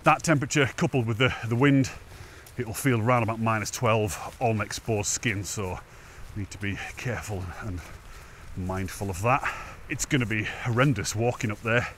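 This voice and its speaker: Chatty man, lowish voice. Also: normal speed, a bit bright, slight background noise. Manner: chatty, self-deprecating, laughs often. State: slightly out of breath. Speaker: hiking vlogger. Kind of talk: casual walking vlog chat. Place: outdoors on a wet, windy mountain path.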